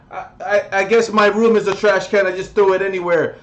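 A man's voice: high-pitched, fairly quick, few pauses, heavy background noise. A young adult man vlogging a comedic, profane rant reviewing music, mocking and exasperated.

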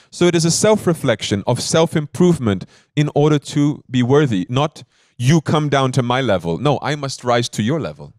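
A man's voice: medium pitch, lively intonation, normal speed, a little mellow, no room sound, clean studio sound. A man giving a devotional sermon as a spiritual teacher, telling a story in an emphatic, conversational way and often checking in with his listeners.

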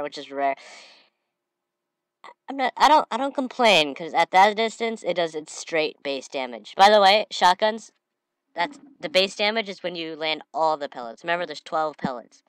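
A slightly sniffly woman giving excitable gameplay commentary, breaking into shouted trash talk. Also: low-pitched, normal speed, clear, resonant tone, no room sound. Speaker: gamer.

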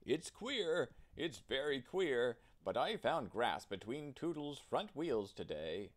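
A man's voice: mid-range voice, sing-song, takes it slowly, pitched above the performer's own voice. A man doing a puzzled railway oiler.

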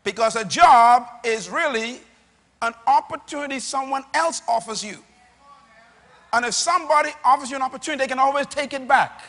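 Man preaching to a crowd, call and response, yells out lines, really high sharp voice, long echo in a big church. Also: brisk. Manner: rousing call-and-response preaching, bursts of shouting. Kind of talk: sermon to a live congregation. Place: church or auditorium. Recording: long reverb of a large hall.

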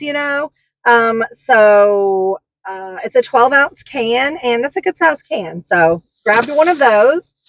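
A woman's voice: a little high, no room sound, poor audio. A woman chatting through a shopping haul, gushing and rambling with lots of fillers. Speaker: haul vlogger. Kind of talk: casual product haul chat.

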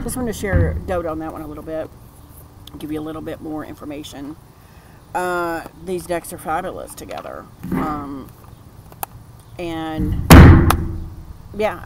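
A man's voice: a little high, heavy background noise. A man sharing tarot decks in a casual vlog, gushing and sentimental as he talks. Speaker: tarot card reader. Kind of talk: casual vlog, showing and reading cards.

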